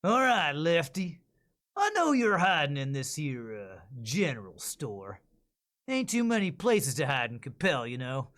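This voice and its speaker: A man's voice: on the high side, wildly swooping pitch, unhurried, fairly bright tone, full character voice. A man doing a drawling Texas marshal. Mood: stern, taunting. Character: gruff Texas lawman, a heroic marshal.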